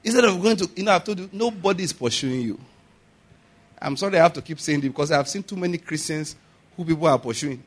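A man preaching a sermon with a Nigerian accent, animated and chuckling often, putting frequent rhetorical questions to his congregation. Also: a little high.

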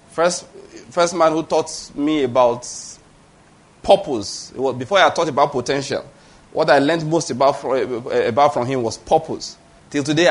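A middle-aged Nigerian-accented man preaching in a somewhat high voice. He talks to the congregation in an emphatic, conversational way, often stopping to check that they follow him. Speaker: pastor. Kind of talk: sermon.

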